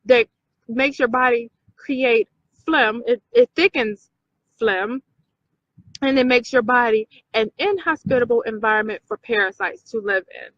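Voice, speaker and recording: A woman's voice: fairly high pitch, unhurried, no echo, lo-fi sound. A woman hosting a casual talk video for her viewers, emphatic, repeating points and checking in with "okay?". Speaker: video host.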